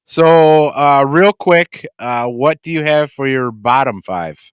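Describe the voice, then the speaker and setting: A man's voice: mid-range voice, slow pace, smooth, no room sound. A man co-hosting a casual sports podcast, steering the talk and reading out chat messages. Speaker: podcast co-host.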